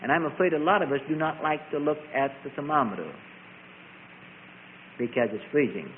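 A high-pitched man preaches with a lively voice that swings up and down, hammering his points through repeated contrasting phrases. The sound is thin and tinny, like a sermon heard over a phone line. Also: brisk, slight background noise.

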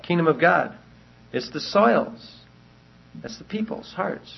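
A man's voice: on the high side, lively intonation, slow pace, gravelly, breathy edge. A man teaching a Bible study lecture, speaking earnestly and repeating his key points, with frequent restarts as he works through his reasons. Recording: dull lo-fi recording.

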